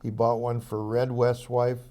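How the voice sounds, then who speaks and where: A mellow-voiced older man recounts his memories as an interview guest. He talks in loose, rambling sentences, full of fillers and false starts. His storytelling is relaxed and anecdotal. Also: mid-range voice, unhurried. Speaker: interview guest, former police officer.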